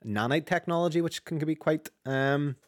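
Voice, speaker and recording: On this gaming podcast, a co-host with a Northern Irish accent speaks at a fairly high pitch, bantering rapidly and swearing freely. The recording is dry and of studio quality.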